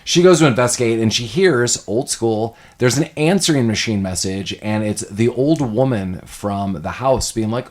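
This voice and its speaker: A man on a casual movie podcast recaps scenes with energy, slipping into quick voices for the characters he quotes. His pitch sits in an ordinary middle range. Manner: animated retelling with acted-out quotes. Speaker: podcast co-host.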